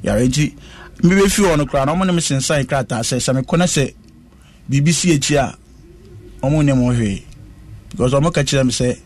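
A man recounting a personal ordeal in conversation, speaking slowly and earnestly. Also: medium pitch, darkish tone. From West Africa. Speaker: interviewee.

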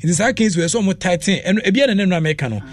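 A man's voice: sits high, animated, racing. A man with a Ghanaian accent presenting a sports radio show, rambling and mixing in many fillers. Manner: rambling, switches between Twi and English with many fillers. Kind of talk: casual sports radio talk.

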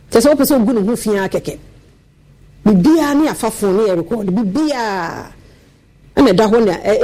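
A woman's voice: a little high, rough recording. Preachy Ghanaian woman on radio. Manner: animated, preachy, repeats her points for emphasis. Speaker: radio commentator. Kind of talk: exhortative radio talk.

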